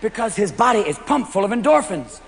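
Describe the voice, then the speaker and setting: A man doing live stand-up comedy in a manic style, jumping quickly into shouted character voices. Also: high voice, big pitch swings, creaky. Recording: live show in a big reverberant venue with a loud crowd. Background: roaring audience laughter and cheering.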